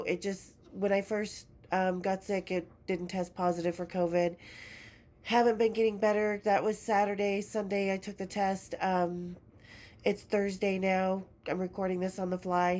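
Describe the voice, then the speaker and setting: A woman's voice: mid-range voice, a little mellow. A woman hosting her podcast in a casual, affectionate chat while sick and congested, swearing freely. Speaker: podcast host.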